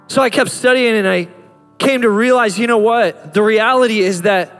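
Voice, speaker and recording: A pastor in his thirties delivers a sermon, his voice sitting high and turning impassioned as he builds. The sound carries a long hall reverb with faint music underneath. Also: a little fast, a bit bright. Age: 30s. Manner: impassioned, rising to fervent peaks.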